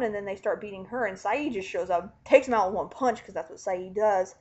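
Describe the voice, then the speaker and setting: A woman giving an animated, casual spoken recap, chatty and swearing freely. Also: medium pitch, brisk. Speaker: vlogger recapping a TV finale. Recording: dull lo-fi home recording.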